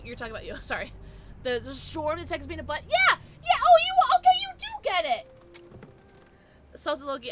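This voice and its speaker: A woman streamer talking to her chat in a loose, chatty way, with a fairly high voice that swings up and down a lot. She swears freely and calls out viewers by name. There is a faint hiss of noise behind her. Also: pushed and bright. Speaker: game streamer. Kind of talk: casual livestream chat.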